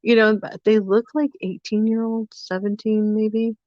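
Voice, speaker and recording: A woman's voice: medium pitch, level tone, measured pace, a little mellow, no room sound. A woman co-hosting a podcast in casual chat, telling a story and acting out both sides of the dialogue. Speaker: podcast co-host. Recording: dull, dry lo-fi sound.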